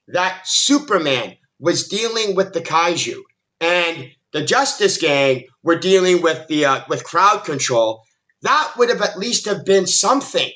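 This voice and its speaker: A man with a high, bright voice rants about a movie, exasperated and emphatic. His pitch swings widely as he talks, and he keeps stumbling and restarting his sentences. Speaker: film commentary YouTuber. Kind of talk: ranting movie critique monologue.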